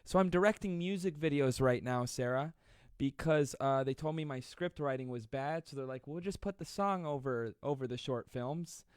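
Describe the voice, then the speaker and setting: A man in his twenties hosting a live stream, reading viewer comments aloud and joking with a fast, self-deprecating manner. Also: medium pitch, clear, resonant tone, no echo, studio quality. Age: 20s. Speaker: livestream host.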